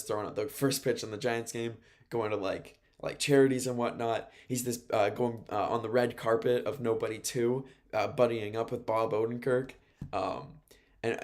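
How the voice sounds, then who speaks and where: A man's voice: mid-range voice, a little mellow. A man hosting a casual show, recapping wrestling from his notes in a chatty, rambling way and laughing at his own mistakes. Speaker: radio host.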